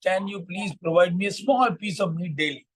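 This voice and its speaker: A man's voice: high voice, moderate pace, slightly rough. A man voicing an old female woodpecker, in his own plain storytelling voice with repeated words. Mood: bargaining. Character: old female woodpecker, bargaining then stern.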